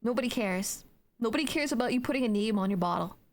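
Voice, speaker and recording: An animated, fast-talking young woman with a higher voice streams on Twitch from home, reading chat aloud. She banters playfully and rambles, using lots of filler words between yawns.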